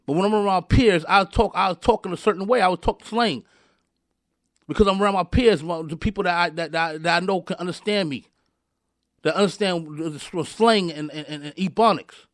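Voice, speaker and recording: Male host, heated commentary rant, high pitch, dry mic, repetitive and confrontational. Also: moderate pace, no echo. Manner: angry, repetitive, stumbling restarts, addresses listeners directly. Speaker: show host.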